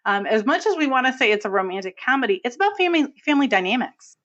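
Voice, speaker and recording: A woman co-hosting a film podcast in casual chat, animated and acting out movie lines. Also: on the high side, very fast, lo-fi sound. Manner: animated, acts out movie lines in character voices. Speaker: podcast co-host.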